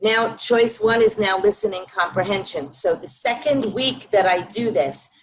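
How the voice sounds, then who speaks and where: A teacher on a video call, giving brisk instructions to a colleague during a live demo. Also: female voice, mid-range voice, low-quality recording. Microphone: computer mic on a video call.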